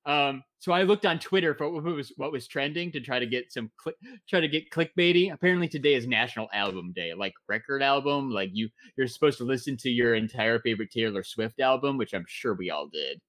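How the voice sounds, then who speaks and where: A man's voice: medium pitch, a little fast, hardly any pauses. A man hosts a casual podcast chat with his friends. His voice rises and falls a lot, and he rambles and laughs easily as he goes. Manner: lively, laughs often, rambling. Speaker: podcast host.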